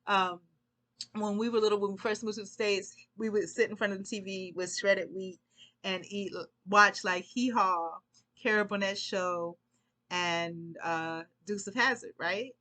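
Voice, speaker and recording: A woman's voice: medium pitch, fairly even intonation, measured pace, sharp tone. Chatty rambling woman telling a story. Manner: rambling, chatty, laughs often. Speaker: vlogger. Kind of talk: casual storytelling vlog.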